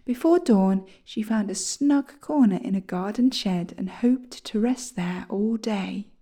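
A woman reading a children's storybook aloud, gentle and often near a whisper. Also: mid-range voice, a little slow, slightly rough.

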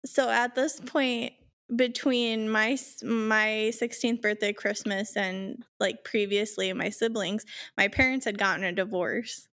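A woman's voice: medium pitch, fairly even intonation, fairly bright tone. Giggly woman telling a story. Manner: laughing storyteller, quick giggles. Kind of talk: casual chat.

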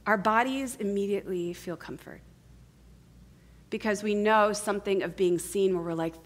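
A woman giving a sermon as guest preacher, earnest and conversational, asking her listeners many questions and tagging points with a quick "right?". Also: mid-range voice. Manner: intimate, asks the congregation many questions; earnest, swings between soft and emphatic.

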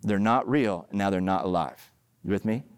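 A middle-aged male pastor preaching a sermon, telling stories with animated, emphatic delivery that climbs to loud peaks. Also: lowish voice, normal speed, clear, resonant tone, dry recording.

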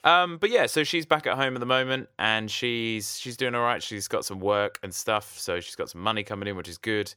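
A man chatting casually with a bright, forceful voice. His tone is crisp and clean. The sound is dry and close with no room echo. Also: fairly low pitch, fairly quick, few pauses. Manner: joking, banter-heavy, hesitant fillers. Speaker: podcast co-host. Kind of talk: casual chat.

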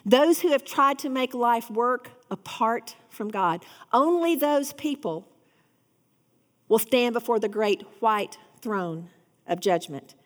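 A woman's voice: a little high, measured pace, in a large hall. A woman giving an earnest devotional Bible teaching, rising to fervent emphasis.

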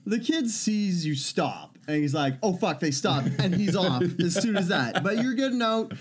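A man with a fairly high voice co-hosts a relaxed podcast. He chimes in with dry, joking remarks and banter. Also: moderate pace. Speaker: podcast co-host. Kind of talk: casual podcast chat.

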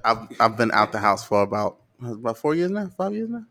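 A young man answers his parents' teasing with halting, playfully defensive replies. His pitch swings widely as he talks. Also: sing-song, a bit bright. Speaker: adult son. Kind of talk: casual family chat.

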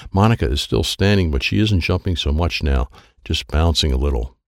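Deep gravelly man reading a story. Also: animated, a little fast, no echo, studio quality. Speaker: storybook narrator. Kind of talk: first-person children's story reading.

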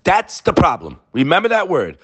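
A man's voice: on the high side, wildly swooping pitch, normal speed, a bit bright, breathy edge. A man teaching a daily Torah class, firing rhetorical questions and mixing Hebrew terms into his English.

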